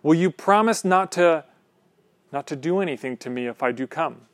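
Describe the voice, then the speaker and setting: A man's voice: on the high side, expressive, moderate pace, dry recording, lightly acted. A man reading aloud as a frightened, thirsty young girl who pleads anxiously and hesitantly.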